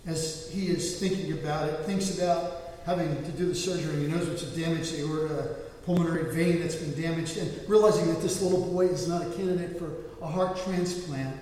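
A man's voice: a little high, fairly even intonation, fairly quick, darkish tone. A man preaching a sermon, telling a story earnestly and often restarting his words. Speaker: pastor. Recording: echoey hall, distant mic.

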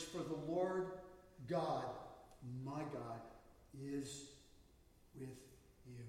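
Echoey preacher man, emphatic and slow. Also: fairly high pitch, darkish tone. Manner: emphatic, draws out key words slowly. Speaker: pastor. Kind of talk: sermon. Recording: echoey hall, mic at a distance.

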